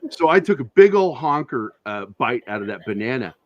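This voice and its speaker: A man who is a guest on an interview show, telling profane, animated anecdotes with a lot of laughter in casual conversation. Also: medium pitch, a little fast, muffled recording, slight background noise. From Virginia, USA. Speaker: interview guest, comic creator. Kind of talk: casual storytelling.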